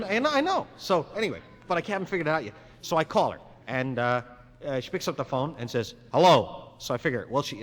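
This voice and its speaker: A man's voice: on the high side, fairly bright tone. A man doing a live stand-up monologue in a rambling, conversational way, acting out both sides of the dialogue himself. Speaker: stand-up comedian. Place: live venue with audience. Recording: 1961 live album, long hall reverb, faint ambience.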